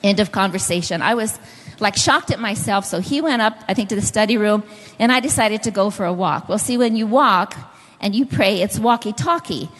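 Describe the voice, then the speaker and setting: A woman's voice: mid-range voice, brisk, a bit bright, big-room sound. A middle-aged woman preaching a sermon, telling stories and speaking directly to the congregation. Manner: storytelling, directly addressing the audience.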